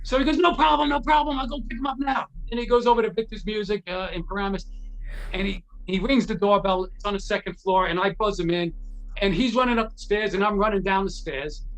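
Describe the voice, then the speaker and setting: A middle-aged man, a guitar repair technician, telling lively anecdotes as an interview guest, acting out the voices of the people he quotes and often restarting his sentences. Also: high voice, brisk. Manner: animated, acts out quoted voices, frequent restarts. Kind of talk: anecdotal storytelling in a conversation.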